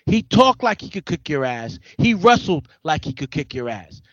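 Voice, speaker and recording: A man hosting a casual chat, excitable, stammering and repeating himself for emphasis. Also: fairly high pitch, normal speed, no room sound. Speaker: podcast host. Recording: dull, dry lo-fi recording.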